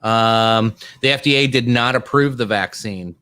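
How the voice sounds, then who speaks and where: A man hosting a casual podcast, reading out viewer comments in a halting way full of ums. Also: mid-range voice, sharp tone, clear, resonant tone, no room sound, clean studio sound. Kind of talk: casual chat.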